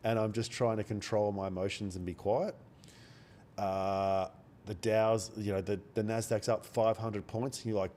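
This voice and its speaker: A man with a cold, talking quietly and bluntly into a close microphone during a day-trading live stream, swearing now and then. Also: fairly low pitch, steady tone, measured pace, a little hiss or hum. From Australia. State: has a cold. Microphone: microphone held very close.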